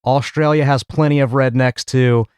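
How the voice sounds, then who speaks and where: Crude and profane, this male podcast host delivers casual comedy commentary and laughs a lot. His voice is smooth, clear, a little mellow, and steady, at medium pitch and normal speed, captured close-up in a dry room without room sound.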